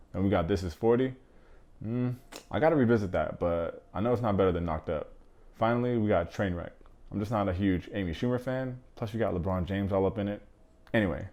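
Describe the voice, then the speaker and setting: Fast-talking deep-voiced man reviewing movies. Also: a little mellow. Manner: casual, slangy, joking asides.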